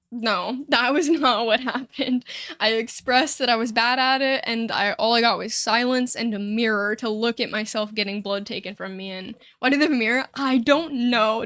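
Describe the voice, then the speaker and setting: A chatty young woman rambles through a casual game stream. She laughs often and swears offhandedly. Her voice sits a little high and sounds close and dry. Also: fairly bright tone, dry recording. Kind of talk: casual livestream chat while playing a life-sim game.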